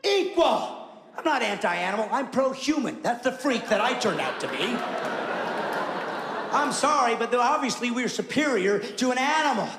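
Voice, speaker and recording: Man, stand-up comic, emphatic and opinionated; high voice, long reverb. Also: lively intonation, normal speed, background noise. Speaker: stand-up comedian. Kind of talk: stand-up routine.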